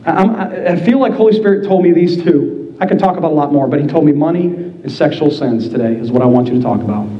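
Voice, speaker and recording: High-voiced man preaching passionately in a church. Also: lively intonation, quick pace. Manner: impassioned preaching, voicing the scripture dramatically. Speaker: pastor. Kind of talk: sermon. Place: church sanctuary. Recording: roomy, slightly dull church sound.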